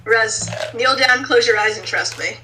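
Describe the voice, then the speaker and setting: A woman's voice: on the high side, a little slow, bright, forceful tone, far from the mic, slight background noise, low-quality recording. A woman putting on a bubbly valley-girl adventurer. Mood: playful.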